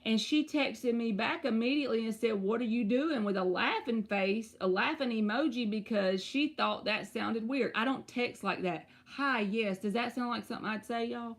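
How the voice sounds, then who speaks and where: A woman, giving tarot readings on a live stream and chatting to her viewers in an animated, storytelling way. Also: a little high, normal speed, few pauses. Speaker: tarot reader.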